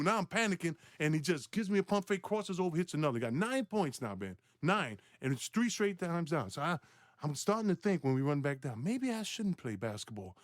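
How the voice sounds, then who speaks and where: Animated man telling a story. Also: fairly quick, no room sound, studio quality. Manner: animated, acts out quotes with big pitch jumps, laughs. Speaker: former NBA player telling a story. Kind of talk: animated storytelling on a podcast clip.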